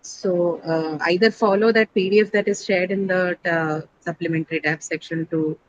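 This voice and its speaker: A woman's voice: on the low side, fairly even intonation, normal speed, dull audio. A woman teacher lecturing an online English class, explaining step by step and correcting students patiently.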